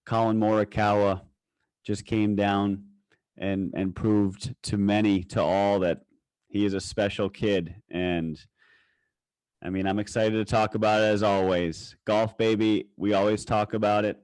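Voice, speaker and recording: A young man co-hosts a golf podcast and talks with loose, excited energy. He rambles and swears casually. His voice sits a bit low and sounds dry and close. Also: a little slow, smooth, no echo. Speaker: podcast co-host.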